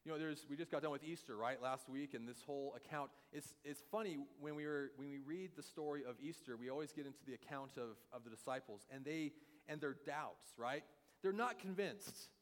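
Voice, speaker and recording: A man preaching a sermon as a pastor, animated and acting out the voices of the people he quotes. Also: on the high side, brisk. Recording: long hall reverb.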